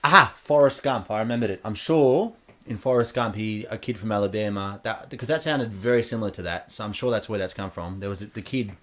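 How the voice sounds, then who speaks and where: Brief: Australian man, lowish voice, casual rambling reaction host, hesitant with ums. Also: a little fast, a bit bright. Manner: rambling, lots of ums and restarts.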